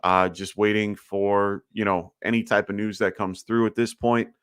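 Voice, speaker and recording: Low-sitting and fairly bright, his clean voice has a flat delivery at normal speed. The slightly lisping man hosts a fantasy football livestream, giving casual Q&A commentary stuffed with fillers while sounding short on rest. The recording is dry and studio-clean.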